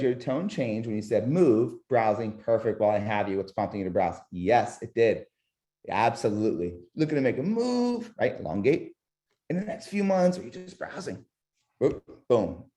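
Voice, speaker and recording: A man coaching a webinar on sales calls, modeling tone of voice and quizzing his audience. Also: fairly low pitch. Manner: lively, demonstrates vocal tonality, asks audience questions. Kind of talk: webinar instruction with demo calls.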